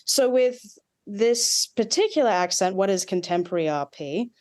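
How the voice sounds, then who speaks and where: A woman's voice: medium pitch, expressive, normal speed, a little mellow. A woman with an Australian accent, a dialect coach, explaining at length with asides and examples in an interview. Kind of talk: expert interview.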